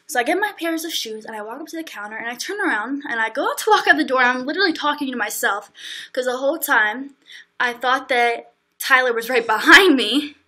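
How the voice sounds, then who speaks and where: Young woman, livestream host, high bright voice, chatty storyteller who acts out quotes. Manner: chatty, quick, acts out quotes, many fillers.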